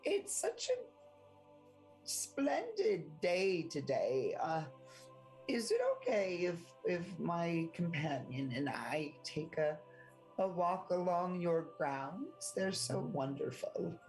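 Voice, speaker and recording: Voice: mid-range voice, very animated, slow pace, a little mellow, faint music behind, pitched above the performer's own voice. A player voicing a sweet, overly polite little old lady. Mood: sugary.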